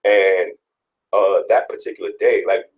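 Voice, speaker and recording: A man's voice: low-pitched, moderate pace, a little mellow, rough recording. A young man, a father, telling personal stories in an earnest, casual interview with many restarts. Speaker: guest, father.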